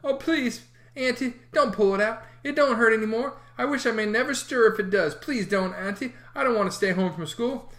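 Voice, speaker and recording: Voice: medium pitch, normal speed, a bit bright, voice pushed up, natural voice. Theatrical storybook boy, whiny and pleading, voiced by the narrator.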